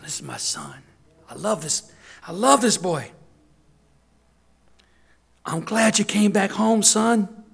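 A man's voice: a little high, creaky, fairly bright tone, slightly rough, exaggerated voice. A preacher playing a joyful, loving father. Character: loving father welcoming his son home, joyful and tender.

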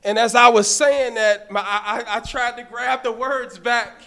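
A man's voice: extremely high pitch, fairly even intonation, a little slow, bright, forceful tone, clear, resonant tone. A middle-aged man, a deacon telling stories in a sermon and building to passionate peaks. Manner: bellows street-vendor calls in stories. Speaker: deacon preaching. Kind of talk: storytelling sermon.

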